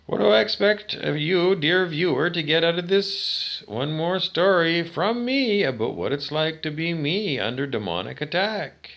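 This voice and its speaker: A man's voice: on the high side, expressive, measured pace, creaky, hardly any pauses, a bit bright. A man talking straight to his viewers in a monologue, ranting, swearing and asking questions he answers himself. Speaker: vlogger. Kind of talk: direct-to-camera monologue.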